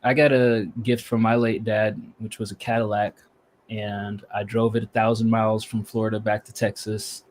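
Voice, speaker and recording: A man's voice: on the low side, level tone, normal speed, a little hiss or hum. Dry-toned Southern-raised man. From American South. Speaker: podcast co-host, rapper. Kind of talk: casual chat.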